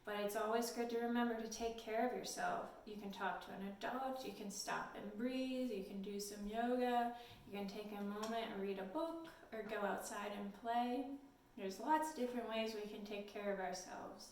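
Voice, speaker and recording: A woman leading a storytime lesson for toddlers in a gentle, sing-song, encouraging way, recorded in a library room. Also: mid-range voice, steady tone, moderate pace, a little hiss or hum. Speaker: children's librarian. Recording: echoey room, mic at a distance.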